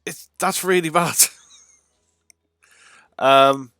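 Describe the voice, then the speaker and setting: A man's voice: fairly high pitch, extremely slow, pushed and bright, clear, resonant tone, dry recording. Chatty male streamer, dry close sound. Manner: chatty, rambling, with frequent ums and uhs. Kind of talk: casual let's-play livestream commentary.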